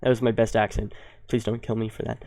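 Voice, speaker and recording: A young man hosting a coding tutorial, explaining step by step and thinking aloud, with ums and quick self-corrections. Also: lowish voice, little pitch movement, gravelly, a little mellow, dry recording. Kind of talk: screen-recorded coding tutorial.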